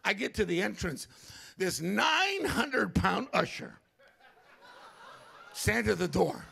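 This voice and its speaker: An older male pastor telling a story during a sermon, animated, acting out other people's voices. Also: sits high, slow, vocal fry, slightly rough. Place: church.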